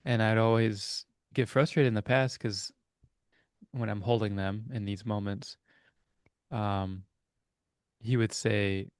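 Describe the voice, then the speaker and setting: A man's voice: fairly low pitch, fairly even intonation, slow, pauses often, clear, resonant tone, no room sound, clean studio sound. A young adult man co-hosting a casual reflective chat over a video call, talking in an earnest, rambling way as he searches for words. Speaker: co-host.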